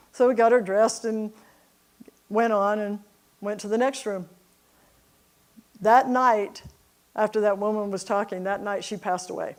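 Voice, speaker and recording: A middle-aged woman speaking to a church congregation, telling personal stories in a chatty way and laughing often. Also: mid-range voice. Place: church service.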